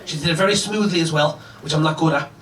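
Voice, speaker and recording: A man doing a stand-up set, telling a story and acting out the dialogue in an animated way. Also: on the high side, fast, distant mic, slight background noise. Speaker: stand-up comedian. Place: comedy club on a boat. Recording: echoey club with audience laughter. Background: audience laughter.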